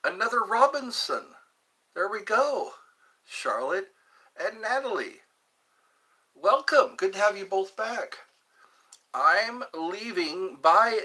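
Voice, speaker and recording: A man in his fifties hosts a casual live stream, reading out viewer comments and replying with playful jokes. His voice sits a little high, swings widely in pitch, and comes at an unhurried pace. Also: very animated, sharp tone, poor audio. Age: 50s. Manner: reads viewer comments aloud and chats back to them; playful, jokey.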